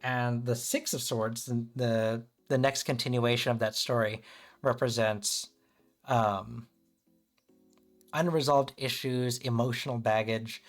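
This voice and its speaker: A man's voice: mid-range voice, fairly even intonation, takes it slowly, soft background music. A man giving a casual tarot reading on a livestream, talking loosely and checking in with listeners. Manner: loose and chatty, peppered with "kind of" and "right?". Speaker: tarot reader and streamer.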